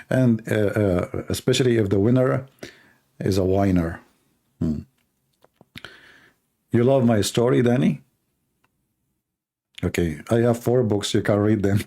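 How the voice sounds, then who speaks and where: Gravelly man hosting a rambling livestream. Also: medium pitch. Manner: animated, joking, teasing, with halting non-native grammar. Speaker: live-stream show host. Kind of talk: rambling live-stream monologue.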